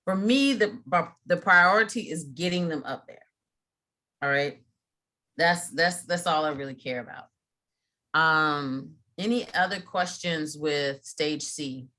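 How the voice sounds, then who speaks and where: Brief: middle-aged woman trainer, bright tone, lowish voice, chatty with restarts, video call. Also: slow pace. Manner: chatty, frequent fillers and restarts. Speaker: mediation trainer. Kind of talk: casual training talk.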